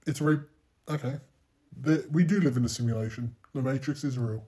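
A young man commentating his own racing game playthrough, swearing constantly, mocking himself and bursting into loud exclamations. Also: medium pitch, fairly quick, slightly rough. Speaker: gaming channel host.

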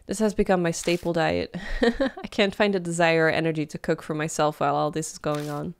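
A woman's voice: deep voice, steady tone, brisk. A woman streamer reading a visual novel aloud and chatting casually with laughs between the lines. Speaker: let's play streamer. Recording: game music playing behind.

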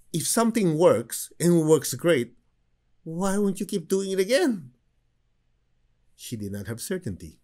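A man's voice: a little high, unhurried. A man teaching a spiritual class, telling stories with humor and acting out the people he quotes. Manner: animated storyteller who acts out quoted people. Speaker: meditation teacher.

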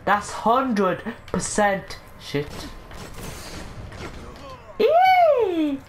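A woman commentating her gameplay, excitable, breaking into high squeals, swearing and catchphrases aimed at her viewers. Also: a little slow, background noise. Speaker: gaming channel host.

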